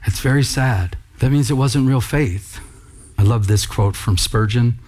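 A man's voice: medium pitch, a little slow, a little mellow. A man preaching a sermon in church, talking conversationally and with emphasis, calling out to the congregation. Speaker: pastor.

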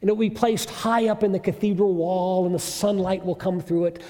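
A man's voice: high-pitched, fairly even intonation, fairly quick, dark tone, long reverb tail, pitched above the performer's own voice, natural voice. A man voicing a proud medieval glass artisan who speaks earnestly and descriptively about his work.

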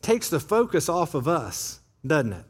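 Pastor, male, lively sermon delivery with a high, swooping voice, talking straight to the congregation. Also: measured pace, slightly rough. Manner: animated, conversational preaching with acted-out quotes. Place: church sanctuary.

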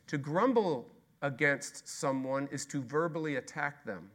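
A man preaching a sermon as pastor, emphatic and repetitive, swinging between loud exclamation and hushed intensity. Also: on the high side, expressive, unhurried. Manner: repetitive rhetorical questions.

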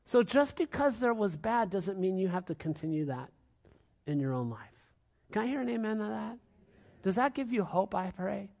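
A man's voice: high-pitched, sing-song, normal speed, gravelly, darkish tone. A middle-aged man preaching a sermon as pastor to a congregation, emphatic and repetitive, often asking for an amen. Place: church hall with a congregation.

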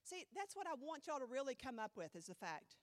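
A woman preaching a sermon, blunt and animated, mocking excuses in quick mimicry. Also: sits high, no room sound.

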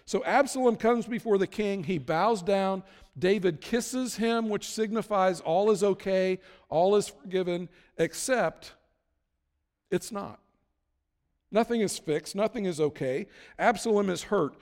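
A man's voice: sits high, unhurried, darkish tone. A man telling a sermon story in a casual, conversational way, now and then acting out what the characters say. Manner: casual retelling with acted-out quotes. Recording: long hall reverb.

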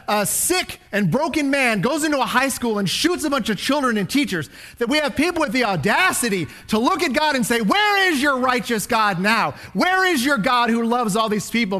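High-voiced man preaching a dramatic sermon. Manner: dramatic, swings from loud declaring to hushed whispers. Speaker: pastor.

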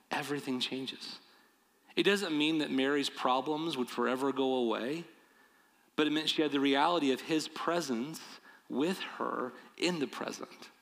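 A man's voice: mid-range voice, creaky, a bit bright, big-room sound, poor audio. A male pastor preaching a sermon, earnest and building to emphatic, repeated appeals.

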